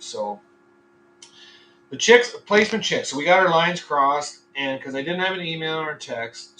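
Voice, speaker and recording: A man's voice: fairly high pitch, expressive, a little slow, pushed and bright, distant mic, slight background noise, low-quality recording. A middle-aged man who farms chickens and hosts a podcast, talking casually with a lot of swearing and constant tangents. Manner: profane, rambling, frequently sidetracked. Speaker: podcast host and chicken farmer. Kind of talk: casual rambling podcast monologue.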